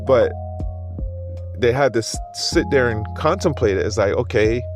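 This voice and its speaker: A man hosting a podcast in an unscripted, profane monologue. He rambles, restarts his sentences and laughs often, and his voice sits at a middle pitch. Faint music plays behind him. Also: lively intonation, normal speed. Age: adult with a school-age kid. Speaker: podcast host.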